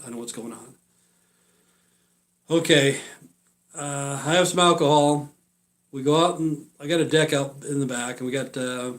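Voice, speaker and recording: On a live stream, a man in his sixties with a medium-pitched voice spins a long personal story. Blunt and profane, he uses lots of fillers, wanders around, and frequently lets the ends of phrases trail off into quiet.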